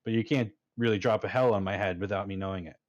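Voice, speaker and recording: An emphatic man talking through a dull, lo-fi line. He has a lowish voice and keeps tagging his points with "right?" in a casual panel chat. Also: steady tone, fast. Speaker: panel guest, fleet commander.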